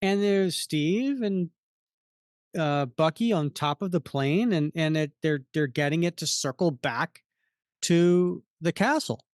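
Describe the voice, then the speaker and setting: A man's voice: a little high, slow pace, clean tone, dry recording, clean studio sound. A man co-hosting a casual comic book podcast, walking through the panels unhurriedly with many fillers. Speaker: podcast co-host.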